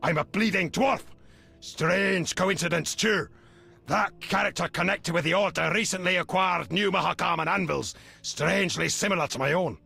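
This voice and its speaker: An actor voicing a bitter, gruff male dwarf blacksmith in a video game, with a raspy voice and a grumbling, indignant manner. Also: high-pitched, normal speed, sharp tone, full character voice. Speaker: game character.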